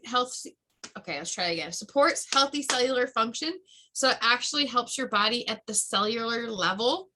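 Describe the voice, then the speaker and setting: A woman's voice: a little high, bright, forceful tone, poor audio. A woman casually explaining product uses in a chatty way, often tripping over words and correcting herself. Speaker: essential oils presenter. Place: her room at home.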